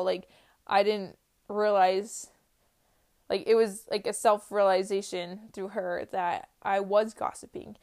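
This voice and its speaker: A woman's voice: mid-range voice, normal speed. A woman in her early twenties giving an earnest, casual faith-based personal talk, full of "like" fillers. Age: early 20s. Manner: earnest, uses many "like" fillers. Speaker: vlogger.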